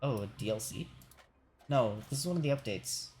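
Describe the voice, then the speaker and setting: A man's voice: mid-range voice, lively intonation, brisk, darkish tone, a little hiss or hum. A male streamer venting about work while playing a game, swearing a lot and tagging sentences with "right?". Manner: profane ranting, constant "right?".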